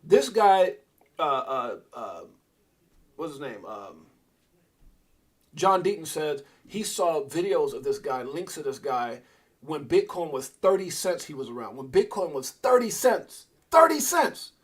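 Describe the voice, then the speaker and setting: A middle-aged man hosting a live crypto stream, talking to his chat in an excitable, rambling way. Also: on the high side, a little slow, slightly rough. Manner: excitable, rambling, talks to chat and reads out posts. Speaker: crypto livestream host. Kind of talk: casual live commentary.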